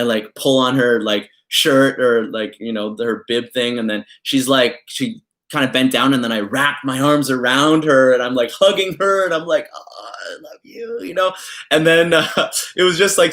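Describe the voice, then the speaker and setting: A young Canadian man vlogs a personal story in a casual, rambling way, packing it with fillers and getting animated when he acts out his family members. His voice sits at medium pitch and he talks at a moderate pace.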